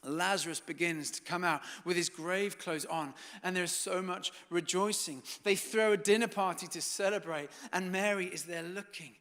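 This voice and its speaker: High bright preacher in a big hall. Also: male voice, moderate pace, hardly any pauses. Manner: dramatic storytelling, building to fervent peaks. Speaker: pastor. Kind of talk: sermon. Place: church hall.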